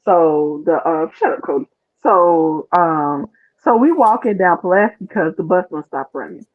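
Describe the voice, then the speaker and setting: Casual rambling storyteller, animated, phone-line sound, mid pitch. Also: a little slow. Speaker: storyteller on a chat show.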